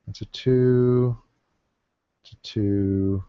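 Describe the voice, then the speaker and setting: Speaking extremely slowly, a man with a fairly low, steady, clear and resonant voice offers casual deck-building commentary as he drafts in a card game. He thinks aloud, uses many fillers and counts under his breath. The recording is a dull lo-fi dry mic with no echo.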